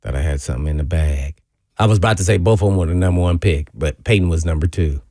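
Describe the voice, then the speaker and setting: A man's voice: deep voice, fast talker, mellow, dry recording, studio quality. A man co-hosting a sports radio show, talking casually and teasing his partner in a loose, conversational way.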